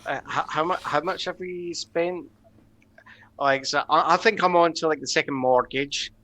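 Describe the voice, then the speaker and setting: Man, tabletop player, dry wry banter, raised pitch, bright voice. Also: moderate pace. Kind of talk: casual out-of-game chat.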